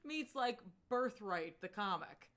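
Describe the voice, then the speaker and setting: On a comics podcast, a female co-host gives a laid-back recap of a book, full of filler words and lively swings in pitch. She speaks at a slow pace.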